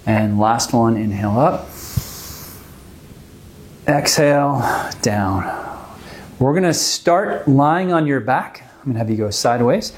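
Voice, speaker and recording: A man calmly leading a stretching class, guiding the moves step by step and explaining why each one helps. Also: medium pitch. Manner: calm, gently coaching, explains the reasons for each move. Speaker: movement class instructor. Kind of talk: guided exercise class instruction.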